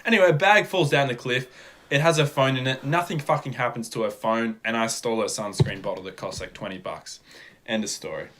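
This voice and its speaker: A man co-hosting a casual podcast, telling a story in an animated way and swearing freely. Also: mid-range voice, fairly quick. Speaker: podcast co-host. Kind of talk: casual chat.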